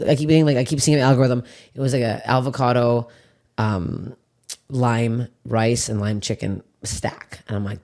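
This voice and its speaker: Woman podcast host, casual chat, animated storytelling, quick to laugh and swear. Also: extremely low pitch.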